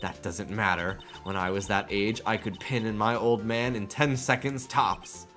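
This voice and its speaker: A man's voice: fairly low pitch, steady tone, unhurried, a bit bright, faint music behind. A man voicing a cranky elderly female security guard from a video game, scolding and indignant. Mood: crotchety. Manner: scolding, indignant, calls people whippersnapper.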